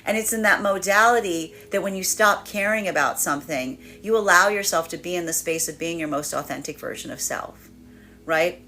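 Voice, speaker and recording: A woman's voice: fairly low pitch, moderate pace, faint music behind. Rambling woman giving a tarot reading. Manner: rambling, self-correcting, animated when voicing others. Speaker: tarot reader. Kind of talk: daily tarot energy reading.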